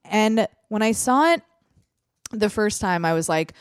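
A woman's voice: mid-range voice, animated, a little slow, smooth, no echo, clean studio sound. A woman hosting a podcast in casual chat, talking freely with frequent laughs and fillers. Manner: chatty, laughs often, lots of fillers. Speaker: podcast host.

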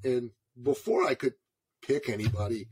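A man in his forties, a podcast guest from Canada, telling a story in an animated way and calling the host brother. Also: medium pitch, moderate pace, husky. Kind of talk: storytelling interview.

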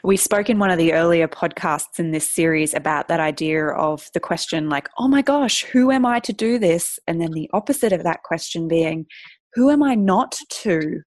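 A woman's voice: lowish voice, expressive, moderate pace, darkish tone, no echo. A woman hosting a podcast interview, gushing and lavish with praise for her guest. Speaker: podcast host.

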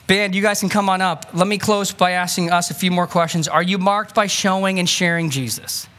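A man preaching a sermon as pastor, earnest and pleading, moving from quick asides to slow, emphatic lines. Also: sits high, steady tone, pushed and bright. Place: church sanctuary.

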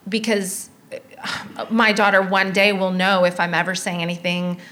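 A woman's voice: on the low side, little pitch movement, fairly bright tone. Frank woman comedian telling stories. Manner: frank, candid storytelling with quick asides. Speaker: comedian guest. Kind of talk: casual chat. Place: live theatre stage.

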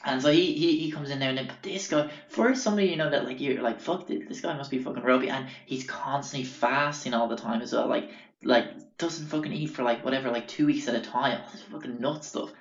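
A man's voice: medium pitch, fairly quick. Young guy, rambling swear-heavy anecdotes; echoey room, dull sound. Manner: rambling, swears constantly, loses track of names. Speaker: storyteller. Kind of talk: casual profane anecdote.

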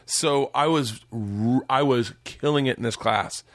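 A man in his forties, a comedian telling long, animated stories in a casual chat, swearing freely. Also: mid-range voice, unhurried, dry recording. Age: 40s. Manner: animated, profane storyteller. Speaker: comedian guest.

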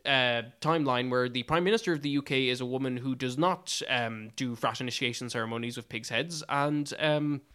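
A man casually reviewing a film in conversation, animated and full of restarts, his pitch jumping up when he is incredulous. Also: fairly quick, hardly any pauses, clean tone. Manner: restarts and stumbles often.

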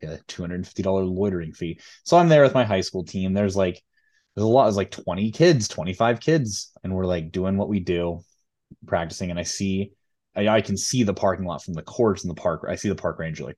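A man's voice: low voice, a little mellow. A young man co-hosting a podcast, telling a story in a laid-back way, full of fillers and laughs. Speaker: podcast co-host and high school tennis coach. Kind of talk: casual storytelling chat.

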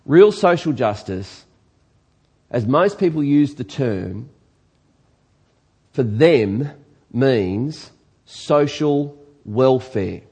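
A man's voice: mid-range voice, lively intonation, drawn-out words, long pauses, dark tone, breathy edge. A man with an Australian accent, preaching a sermon earnestly and emphatically, asking his congregation rhetorical questions. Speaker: pastor.

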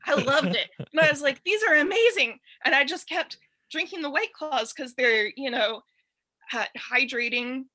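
A woman's voice: high voice, normal speed, dry recording. Laughing Detroit-born woman telling a story. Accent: Detroit with a Southern tinge. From Detroit, USA. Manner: laughs often, rambling animated storytelling. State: allergies, clearing throat. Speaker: guest storyteller. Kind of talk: casual chat. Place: in bed at home.

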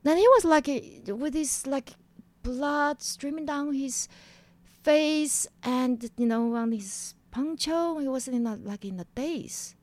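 Woman, 50s, animated storyteller, dry recording. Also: high voice, takes it slowly, no room sound. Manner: animated, acts out quotes in a raised voice. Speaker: interview guest. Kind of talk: personal storytelling in an interview.

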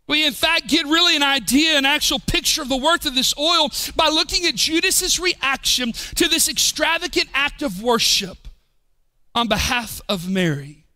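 High, bright-voiced preaching pastor. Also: male voice, lively intonation, moderate pace. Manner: emphatic preaching with rising shouts and dropping low. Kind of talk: sermon. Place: church.

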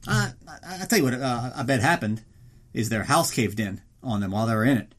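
A man's voice: medium pitch, very animated, fairly quick. Sarcastic, profane male podcast host. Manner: profane, sarcastic, jumps into silly voices. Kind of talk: casual film recap.

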